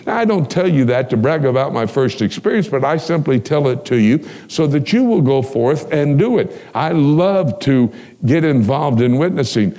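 A man preaching a sermon, telling personal stories with animation and acting out the dialogue. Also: mid-range voice. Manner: animated storyteller, acts out dialogue.

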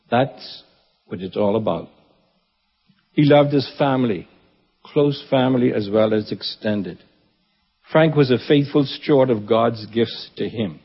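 A man's voice: medium pitch, husky. Man giving a eulogy in an echoey church. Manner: earnest and reverent, with gentle humor. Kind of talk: funeral eulogy. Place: church assembly hall. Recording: dull, echoey church hall recording.

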